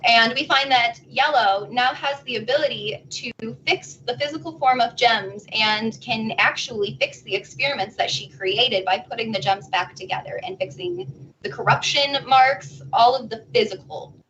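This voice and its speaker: Woman panelist, higher voice, chatty animated recap; off-mic and dull home recording. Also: normal speed. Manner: animated retelling, acting out characters' lines. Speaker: convention panelist. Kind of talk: casual plot recap. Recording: distant muffled home recording, faint noise.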